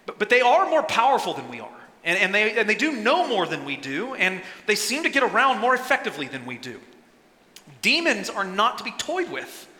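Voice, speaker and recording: Animated pastor in an echoey hall. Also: male voice, high-pitched, a little fast. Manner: animated, acts out quotes with sudden loud bursts. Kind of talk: sermon. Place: church sanctuary.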